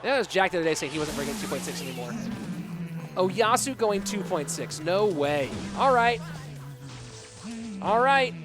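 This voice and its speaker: A man's voice: high-pitched, expressive, brisk. A man casting a game tournament on a live stream, chatty and talking straight to his viewers. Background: music.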